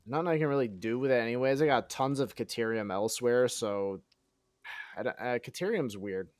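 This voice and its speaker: A man's voice: medium pitch, brisk, dry recording, studio quality. Sarcastic male game streamer. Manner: sarcastic mock-bragging, self-deprecating; swears casually, thinks aloud while counting. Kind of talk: casual live-stream chat while gaming.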